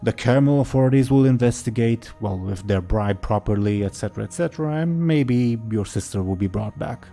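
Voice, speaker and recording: A man's voice: mid-range voice, a little fast, gravelly, few pauses, warm tone, faint music behind. A man running a tabletop role-playing game as game master, narrating in a laid-back, hesitant way.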